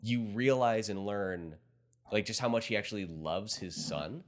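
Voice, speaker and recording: A man's voice: on the low side, a little slow. A man co-hosting a movie review podcast, chatting casually and making the odd joke. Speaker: podcast co-host.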